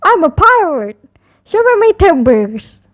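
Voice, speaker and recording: A woman's voice: very high voice, big pitch swings, a little slow, lo-fi sound, voice pushed up, full character voice. A woman voicing a boisterous little boy puppy who barks and plays pirate. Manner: boisterous, barking.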